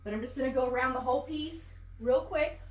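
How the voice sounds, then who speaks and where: A woman's voice: high-pitched, fast talker. A woman painting furniture on a livestream, chatting to viewers and apologizing as she works some distance from the camera. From Florida, US. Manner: chatty, apologetic, talks to viewers while working. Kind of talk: casual live demonstration.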